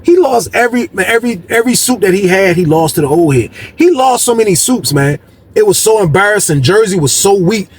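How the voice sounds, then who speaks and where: Animated slangy male storyteller, slightly high. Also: a little fast, a little hiss or hum. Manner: animated, slangy, repeats words for emphasis. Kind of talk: casual storytime about jail life.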